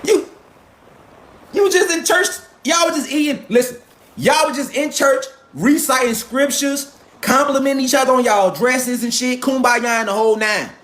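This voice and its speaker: A man's voice: extremely high pitch, normal speed, a bit bright. A man in a profane, confrontational ranting monologue, firing rhetorical questions. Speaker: commentator.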